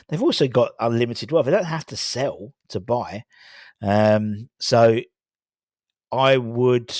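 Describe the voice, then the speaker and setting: A man's voice: medium pitch, no echo, clean studio sound. A man hosting a football fan channel, chatting casually through transfer news with lots of ums and restarts. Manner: rambling, many fillers and restarts.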